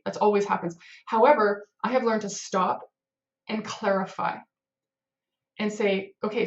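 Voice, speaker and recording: Chatty woman with a slightly dull sound. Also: mid-range voice. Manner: rambling, lots of fillers and acted-out inner panic. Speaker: head of a web development team. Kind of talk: casual advice talk to camera.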